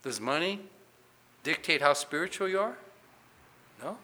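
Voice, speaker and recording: A pastor delivers a sermon in a fairly high voice with lively intonation and a measured pace. He questions the congregation and reads Scripture aloud, his preaching growing louder and more forceful on the questions and Bible quotes.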